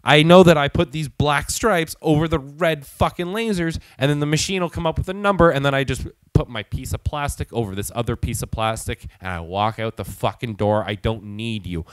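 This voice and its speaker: A man in the middle of a heated comic rant, swearing freely as he tells a story. His voice sits mid-pitch and sounds close and dry, with no room around it. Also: a little fast, hardly any pauses, dry recording. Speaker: show host.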